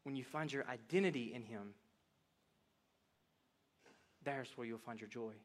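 A man preaching a sermon to a congregation, with a folksy, animated delivery that moves from soft reflection to excited emphasis. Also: a little fast. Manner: animated, swings from soft reflective lows to loud excited highs; folksy, addresses congregation as y'all. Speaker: pastor. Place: church sanctuary.

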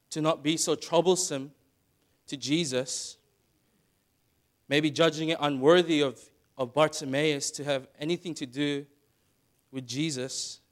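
A man preaching a sermon, dropping to quiet asides and then building to loud, dramatic retellings. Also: fairly high pitch. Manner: dramatic, swings from soft asides to shouted retellings.

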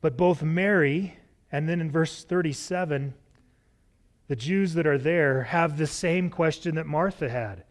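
A man preaching a sermon, expressive and shifting his pace, acting out the lines he quotes. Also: fairly high pitch, measured pace. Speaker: pastor.

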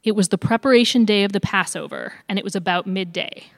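A woman reading a long scripture passage aloud in clear, even narration. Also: mid-range voice, fast talker. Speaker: scripture reader. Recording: long hall reverb.

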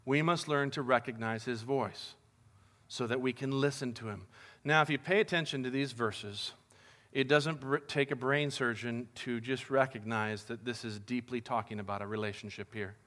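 A man's voice: medium pitch, normal speed, a bit bright. A man preaching as a pastor, in a casual, conversational and upbeat way, talking to the congregation as guys. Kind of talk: casual sermon.

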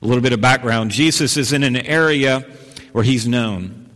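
A man preaching a sermon as a pastor, in a relaxed, conversational way, often repeating and restarting his phrases. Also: mid-range voice, moderate pace, long reverb tail.

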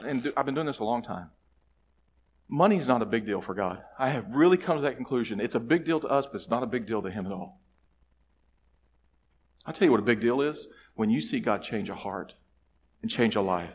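A man's voice: medium pitch, animated, fast, slight background noise. Man preaching a storytelling sermon. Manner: storytelling, shifting from hushed to loud and emphatic. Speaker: pastor. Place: church sanctuary.

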